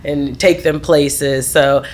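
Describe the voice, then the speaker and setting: Speaking slowly in a low voice with fairly even intonation, a middle-aged woman recounts her life as a guest on a podcast. She's candid and laughs readily, often trailing off before starting again.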